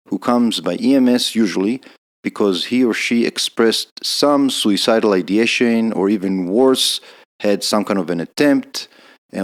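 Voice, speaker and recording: A man, an emergency physician hosting a podcast, asking questions and affirming his guest's answers. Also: lowish voice. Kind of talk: interview questions.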